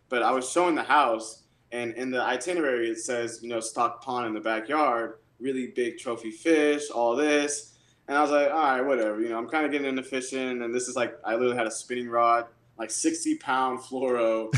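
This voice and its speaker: Excitable man telling stories in a roomy space. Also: mid-range voice. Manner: excitable, animated storyteller. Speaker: guest angler and realtor. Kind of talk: casual storytelling. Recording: roomy echo.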